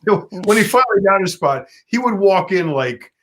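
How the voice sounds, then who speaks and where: A man's voice: high voice, animated, fairly quick, a bit bright, slight background noise. A man in a casual talk show chat, emphatic and stressing his points.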